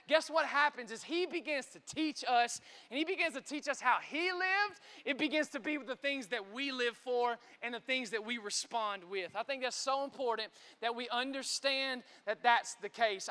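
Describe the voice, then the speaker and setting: A male pastor preaching an energetic sermon, stammering and repeating words and often asking "right?" to the congregation. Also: very high-pitched, clear, resonant tone. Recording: echoey large hall.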